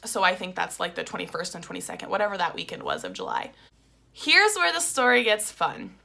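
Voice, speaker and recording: Young woman, casual vlog storytelling, chatty, vocal fry, bright tone. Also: fairly low pitch, wildly swooping pitch, a little fast. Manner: chatty, heavy use of "like", openly emotional. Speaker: vlogger.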